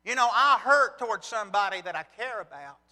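A man's voice: high voice, animated, fairly quick, bright, forceful tone. A man preaching a sermon. He talks earnestly, asks rhetorical questions, and reads passages of scripture aloud. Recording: long reverb from a large hall.

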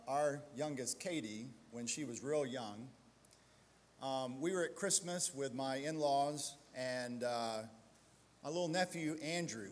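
A man's voice: a little high, big-room sound. A male pastor preaching a sermon, building to emphatic exhortation and slipping into self-deprecating storytelling asides.

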